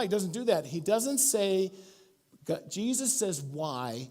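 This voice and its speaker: A man's voice: high-pitched, unhurried. A middle-aged male pastor preaching a sermon, telling stories and acting out the quotes in them. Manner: storytelling, animated, acts out quotes. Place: church.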